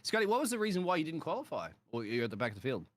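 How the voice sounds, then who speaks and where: A man's voice: a little high, huge pitch swings, rapid-fire. A man with an Australian accent, a race commentator interviewing drivers in jokey, matey banter. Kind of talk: joking post-race interview.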